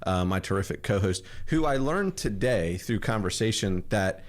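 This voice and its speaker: Low-voiced man hosting a chatty podcast. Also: animated, moderate pace. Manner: friendly, joking, rambling. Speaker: podcast host. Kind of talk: casual chat. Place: home office in kitchen.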